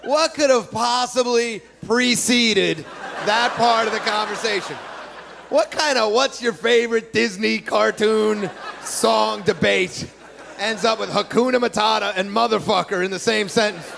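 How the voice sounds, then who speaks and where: A man's voice: high-pitched, unhurried, gravelly, fairly bright tone. A man doing a stand-up routine in a comedy club, ranting in a brash, profane, incredulous way. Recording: live club set with crowd laughter and noise. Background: crowd laughing.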